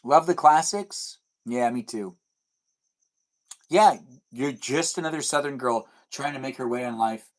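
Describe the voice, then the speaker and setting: A man's voice: mid-range voice, unhurried. A young man hosting a casual live stream at home, rambling as he answers chat messages aloud. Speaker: livestream host. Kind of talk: casual livestream chat reading comments. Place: indoors at home with TV on behind.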